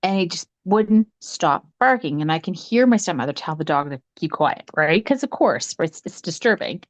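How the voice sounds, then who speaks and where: Recounting a true ghost story in a casual chat, a middle-aged woman who co-hosts a psychic podcast performs the quoted voices with big leaps in pitch. She's animated and speaks at a moderate pace, with no room sound.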